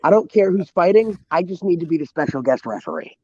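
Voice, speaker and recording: A man's voice: on the high side, very animated, quick pace, darkish tone, breathy edge, no room sound, dull audio. A man, a guest on an online chat show, joking and repeating a catchphrase, sounding exhausted.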